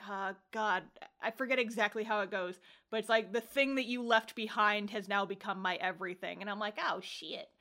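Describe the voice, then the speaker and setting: Bright, lively woman recapping an anime. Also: mid-range voice. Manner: laughs often, swears, acts out character lines. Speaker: podcast co-host. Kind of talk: casual chat recapping an anime.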